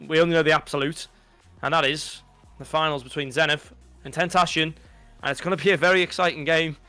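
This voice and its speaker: A young man with a Scouse accent breaks down an esports football final in eager, rambling bursts, often doubling back on his words. His voice is bright and forceful, with a crisp, clean tone. It is recorded dry and close. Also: on the high side, fast talker, no echo, faint music behind. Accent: Liverpool. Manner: rambling, excitable, restarts often. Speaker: co-commentator. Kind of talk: esports pre-match analysis.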